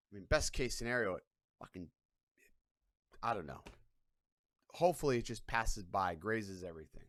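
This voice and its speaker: A man's voice: medium pitch, sharp tone, no room sound, studio quality. A man hosting a casual live stream, rambling in a profane, irreverent way from his couch at home. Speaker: livestream host.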